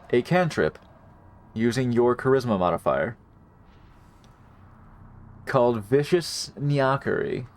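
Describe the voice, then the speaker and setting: A man's voice: mid-range voice, darkish tone. A man running a live tabletop game as dungeon master, talking in a rambling, laid-back way with lots of fillers.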